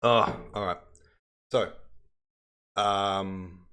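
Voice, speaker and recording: A man's voice: low-pitched, fairly even intonation, drawn-out words, sharp tone, clear, resonant tone. A man hosting a livestream, chatting in a rambling way and reading passages aloud. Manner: rambling, chatty, self-interrupting. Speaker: livestream host.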